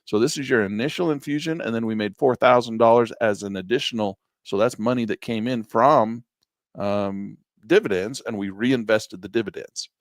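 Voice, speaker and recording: A man's voice: fairly low pitch, moderate pace, no room sound. A middle-aged man teaching a live trading class, blunt and emphatic, repeating points for effect in a folksy way. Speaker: trading instructor.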